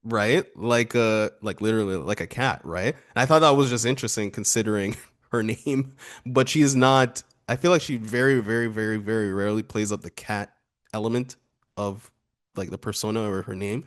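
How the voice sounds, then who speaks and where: A man co-hosts an album review show, chatting casually and laughing often while reading lyrics aloud. His voice is lowish, at a normal speed.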